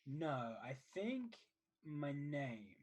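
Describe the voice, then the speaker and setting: A man's voice: fairly high pitch, very animated, drawn-out words. A young man, a player, chatting casually and deflecting awkward topics with repeated phrases. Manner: flustered, deflecting, repeats himself. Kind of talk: casual chat over a game stream.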